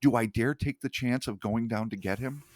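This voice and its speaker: A male podcast host reading an account aloud in a hushed, measured way, with casual swearing in his asides. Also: medium pitch, dry recording.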